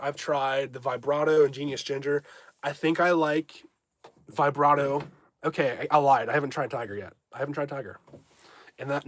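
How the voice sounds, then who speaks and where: A man's voice: a little high, no echo. Casual, candid male livestream host. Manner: rambling, candid, reads chat aloud. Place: home.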